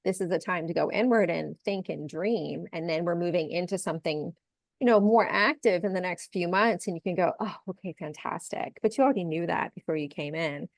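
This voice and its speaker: A woman astrologer speaks as a guest in a casual podcast conversation, explaining reflectively and tagging her points with "right?". Her voice is low with a gravelly texture. The sound is close and dry. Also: fairly quick, no echo.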